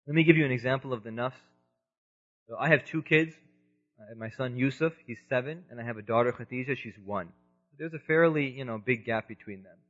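A man in his thirties giving an earnest religious lecture, moving between loud emphasis and quiet asides, in a dull lo-fi recording. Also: mid-range voice, fairly quick. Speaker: preacher.

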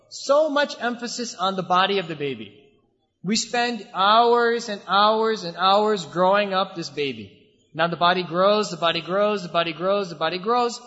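Delivering a sermon at a moderate pace, a high-voiced man sounds bright and forceful, driving his argument with repeated phrases and rhetorical questions. His voice carries a long reverb from the large mosque hall, and the audio sounds a bit muffled.

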